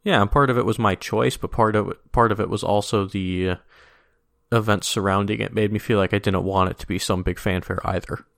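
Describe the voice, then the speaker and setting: A man with a fairly low voice co-hosting a podcast. He talks in loose, rambling chat, full of "like"s, restarts and quick laughs. The sound is dry and close, with no room. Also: steady tone, creaky, a bit bright, no room sound. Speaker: podcast co-host. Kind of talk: casual chat.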